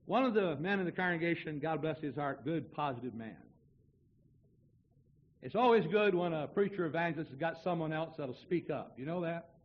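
A man's voice: fairly high pitch, animated, normal speed, highs cut off. A man preaching as an evangelist to a congregation, telling wry, folksy stories and jokes in a humorous sermon. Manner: storytelling, wry and joking. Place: church before a congregation.

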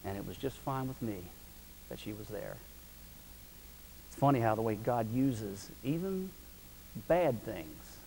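A middle-aged man preaching a sermon, telling a family story in a folksy, animated way that swings from loud preaching to hushed, quiet telling. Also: fairly low pitch. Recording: reverberant hall with faint hiss.

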